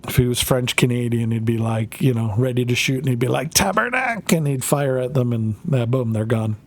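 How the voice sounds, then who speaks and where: A man's voice: medium pitch, level tone, a little fast, a little mellow. Rambling man streaming a tank game. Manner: rambling, filler-heavy, swears casually. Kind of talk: casual live gaming commentary.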